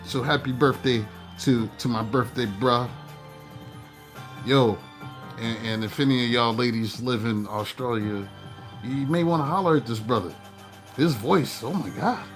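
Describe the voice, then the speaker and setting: A man's voice: medium pitch, unhurried, faint music behind. A man hosting his own tarot channel, chatting in a laid-back, slangy, talkative way before leading a spoken blessing. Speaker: tarot reader and channel host. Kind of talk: casual chat and spoken blessing.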